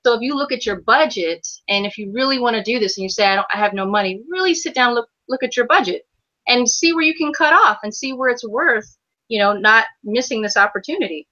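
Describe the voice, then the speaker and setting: A woman co-hosting a trading talk show, giving calm, encouraging advice. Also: a little high, fairly quick. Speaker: co-host of a crypto trading show. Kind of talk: casual chat. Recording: dull lo-fi sound.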